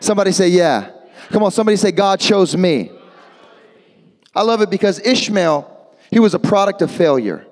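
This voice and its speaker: A male preacher giving a lively sermon, urging the crowd to answer back, with jokey asides and sudden shouts. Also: high-pitched, fast talker. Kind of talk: lively sermon with call-and-response. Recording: long echo of a large hall.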